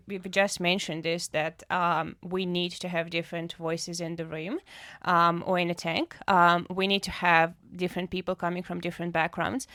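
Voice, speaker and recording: A woman's voice: fairly low pitch, a bit bright, no room sound, clean studio sound. A woman co-hosting a podcast, chatting casually, joking and then earnestly encouraging listeners. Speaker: podcast co-host. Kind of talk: casual chat.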